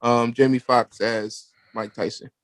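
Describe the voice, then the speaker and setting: A man co-hosting a casual podcast chat, relaxed and hesitant, with many pauses. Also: mid-range voice, no room sound. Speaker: podcast co-host.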